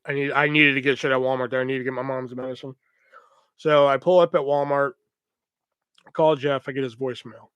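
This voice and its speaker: A man hosting a podcast, telling a story in a casual, profane and animated rambling way. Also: mid-range voice, fairly quick, smooth, no room sound, muffled recording. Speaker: podcast host.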